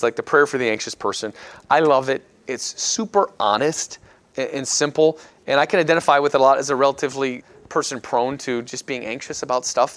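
A man with a mid-range, slightly bright voice leads a casual Bible study discussion. He sounds earnest and reflective, frequently restarting sentences as he thinks out loud.

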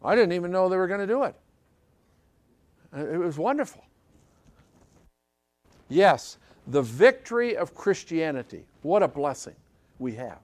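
An emphatic male preacher whose pitch swings widely as he leans on repeated phrases and keeps checking in with his listeners. His voice sits a touch high for a man. The recording is dry and close, with no room echo. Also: sing-song, a little slow, pauses often. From British Isles. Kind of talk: sermon.

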